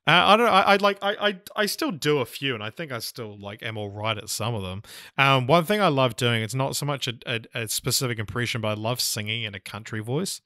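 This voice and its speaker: Slightly hoarse, rambling man on a podcast. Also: mid-range voice, animated, brisk, pushed and bright, no echo, studio quality. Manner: rambling, hesitant, self-deprecating. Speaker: podcast host. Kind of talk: casual chat.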